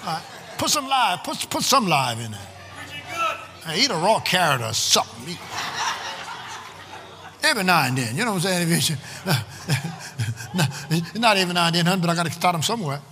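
A man preaching a sermon as pastor, calling out to his congregation and stretching out emphatic, shouted lines. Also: fairly high pitch, very animated, normal speed, long pauses. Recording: long hall reverb, faint room noise.

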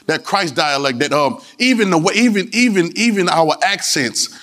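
High-voiced Louisiana preacher. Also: male voice, lively intonation, moderate pace, a bit bright. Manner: call-and-response preaching, playful and rhythmic. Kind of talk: sermon. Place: church sanctuary.

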